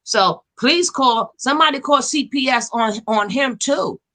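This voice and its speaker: A woman hosting a casual gossip livestream, animated and slangy, quick to laugh. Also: high voice. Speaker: livestream host.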